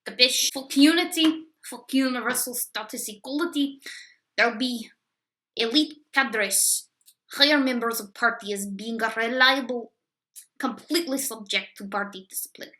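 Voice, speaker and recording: A woman playing a gloomy, cruel Russian party official in a comedic sketch, with a deadpan, menacing manner and a put-on fake Russian accent. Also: fairly high pitch, moderate pace, rough recording.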